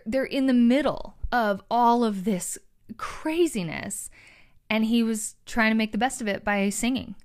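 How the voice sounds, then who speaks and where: A woman's voice: a little high, smooth. Woman, casual motivational speaker, earnest and upbeat, talks chattily to her viewers.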